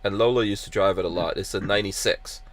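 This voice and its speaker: A man's voice: sits low, fairly even intonation, dry recording. A man hosting a casual podcast, reading out live chat comments with lots of fillers and restarts. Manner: halting, many fillers and restarts. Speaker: podcast host.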